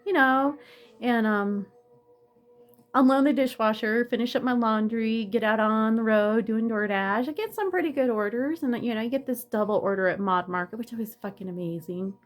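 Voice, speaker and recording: A woman's voice: on the high side, moderate pace. A woman casually telling a story on her vlog, laughing often and swearing, sounding in pain and close to tears. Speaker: vlogger.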